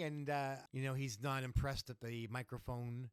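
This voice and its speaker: A man's voice: medium pitch, little pitch movement, moderate pace, few pauses, clear, resonant tone, no room sound, clean studio sound. A man co-hosting a podcast in casual chat, recapping old wrestling shows and acting out quotes in a raised voice. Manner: chatty, acts out quotes in raised voice. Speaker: podcast co-host.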